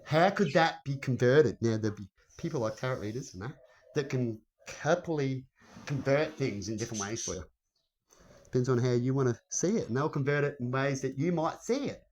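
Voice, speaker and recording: A man's voice: medium pitch, expressive, fairly quick, a little mellow, slight background noise. A man filming a rambling vlog on his phone, swearing, chuckling and asking viewers rhetorical questions. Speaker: vlogger. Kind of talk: rambling casual monologue to camera.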